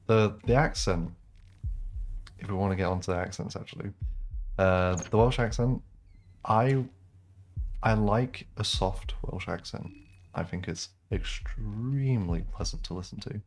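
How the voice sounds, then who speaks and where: A man's voice: lowish voice, a little slow, long pauses, a little hiss or hum. A man chatting casually as he streams a game, rambling with lots of ums and likes. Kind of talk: casual gameplay commentary.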